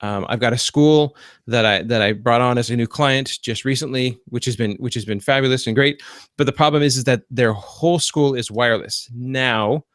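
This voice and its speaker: A man's voice: mid-range voice, normal speed, fairly bright tone, no echo, studio quality. Man rambling in a casual podcast chat. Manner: rambling, many restarts and fillers. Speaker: podcast host; computer repair business owner.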